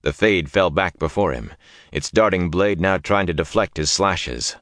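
Deep-voiced man narrating a fantasy audiobook. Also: a bit bright, no room sound, studio quality. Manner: measured, dramatic reading.

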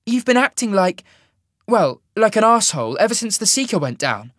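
A fierce, loyal young woman, put on by a man in a raised, lively voice. She speaks bluntly and demandingly in a storybook reading. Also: high-pitched, normal speed, no room sound, studio quality, voice pushed up, full character voice. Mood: urgent.

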